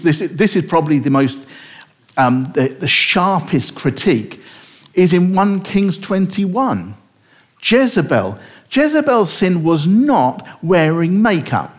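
Animated man teaching the Bible. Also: a little high. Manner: animated, rhetorical questions, chuckling asides.

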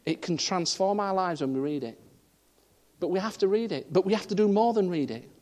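A man from the north of England preaches with animated storytelling. His voice sits a little high and leaps up for emphasis, then drops quiet for the serious points. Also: a little fast. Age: 30s. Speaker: pastor. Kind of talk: sermon.

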